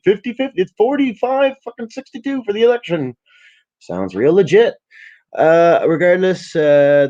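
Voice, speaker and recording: A man's voice: a little high, a little mellow, dull audio. A Canadian man hosts a casual live stream, reading news articles aloud and breaking in with profane, sarcastic asides. He stumbles over words, restarts sentences and apologises as he goes. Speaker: livestream host.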